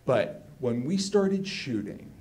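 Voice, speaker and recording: A man from Los Angeles telling a comedic story live on stage, animated and excitable, peppering his talk with "like". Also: mid-range voice, takes it slowly. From Los Angeles, United States. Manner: animated, excitable, heavy use of "like".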